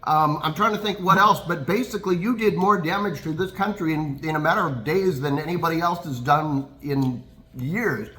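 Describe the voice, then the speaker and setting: A man co-hosting a casual political chat, speaking in a measured way with fillers and turning sarcastic. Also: on the high side, sharp tone. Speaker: podcast co-host.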